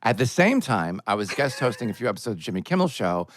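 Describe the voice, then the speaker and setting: A man's voice: on the low side, fast. A man co-hosting a podcast, telling a story in casual chat and acting out the people he quotes. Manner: animated, acts out quoted voices. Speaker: podcast co-host.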